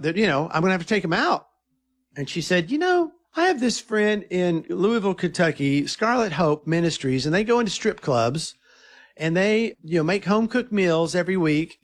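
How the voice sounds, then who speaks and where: A middle-aged man with a fairly high speaking voice tells stories in an interview. He is earnest and animated, and he often backs up and restarts his sentences as he goes. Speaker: filmmaker guest. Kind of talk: conversational interview storytelling.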